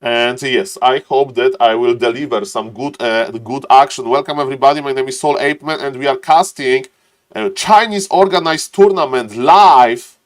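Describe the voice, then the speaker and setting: A man casting a strategy game live on stream, excitable, laughing often and calling out to "ladies and gentlemen" between plays. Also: medium pitch, normal speed. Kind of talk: live esports commentary and chat reading.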